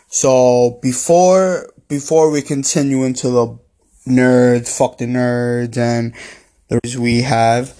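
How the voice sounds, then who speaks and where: A man's voice: medium pitch, steady tone, slow, dark tone. A man hosting a podcast, opening a segment and teasing his co-host in a laid-back way. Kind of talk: casual podcast chat.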